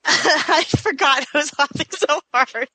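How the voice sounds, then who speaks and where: A woman joins a podcast chat, dropping short and giggly comments. Her voice is high and bright. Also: takes it slowly, no echo, rough recording. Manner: giggly, brief interjections. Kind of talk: casual chat.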